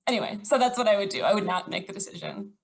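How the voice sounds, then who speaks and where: A woman guest co-hosting a podcast in casual chat, warm and reassuring, laughing often. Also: mid-range voice, racing. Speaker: guest co-host.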